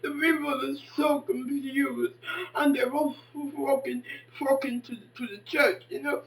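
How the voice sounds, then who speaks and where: A woman in her fifties giving an impassioned monologue, dramatic and exclaiming, swinging between hushed and loud. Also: sits high, steady tone, unhurried, distant mic, poor audio. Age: 50s. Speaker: poet and commentator.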